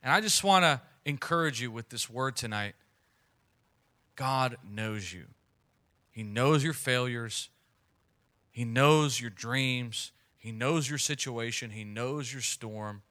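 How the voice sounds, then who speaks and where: A man preaching a sermon, retelling a scripture story in a relaxed, conversational way. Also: medium pitch, slow pace.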